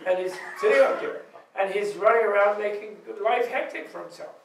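High-voiced man giving a laughing dharma talk. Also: a little fast. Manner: animated storytelling, laughs often, acts out quoted voices. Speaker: Buddhist teacher. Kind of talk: informal dharma talk at a retreat. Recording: echoey room recorded from far off.

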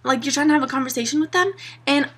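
A woman's voice: high-pitched, quick pace, fairly bright tone. A young woman vlogging to her camera, a sarcastic and exasperated rant full of "like" and "you know". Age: young adult.

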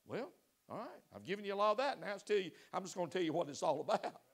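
A man preaching a sermon to his congregation, swinging between loud exhortation and soft pleading and asking them direct questions. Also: high voice, very animated, fast. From United States. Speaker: pastor. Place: church sanctuary.

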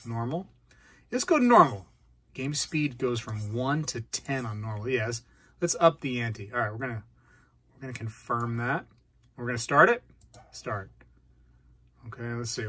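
A man hosting a casual hobby vlog, chatting and reacting out loud while he plays a game. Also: medium pitch, husky. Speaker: coin-collecting channel host.

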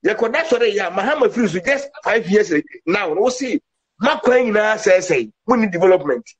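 A man's voice: sits high, expressive, moderate pace, breathy edge, rough recording. A man giving an impassioned political commentary, emphatic, with English words mixed into his talk.

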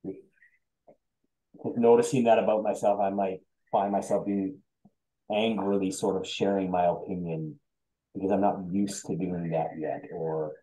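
Deep, mellow-voiced candid man. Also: fairly even intonation, a little slow, rough recording. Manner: candid, self-reflective. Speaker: discussion participant. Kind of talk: casual group conversation.

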